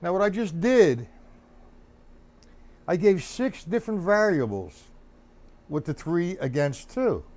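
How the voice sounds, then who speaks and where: Drum teacher counting beats aloud. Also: male voice, high-pitched, big pitch swings, slow pace, long pauses, a little mellow. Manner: counts beats aloud, chats to viewers by name. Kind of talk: live-stream drum lesson.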